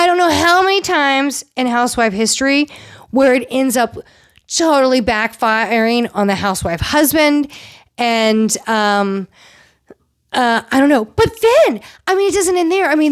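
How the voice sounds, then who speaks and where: Chatty woman recapping reality TV. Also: on the high side. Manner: chatty, gossipy, animated with many fillers. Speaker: podcast host. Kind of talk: casual recap chat.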